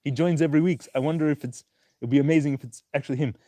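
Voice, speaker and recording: A man's voice: a little high, steady tone, rapid-fire, mellow, dry recording. A young man hosting a casual stock market livestream, upbeat as he greets viewers by name and place one after another.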